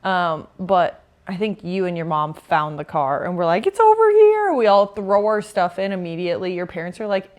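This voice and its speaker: A woman's voice: on the low side, fairly even intonation, moderate pace, hardly any pauses. A young woman, a beach volleyball player, casually recounting a trip with a friend and laughing often. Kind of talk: casual storytelling chat.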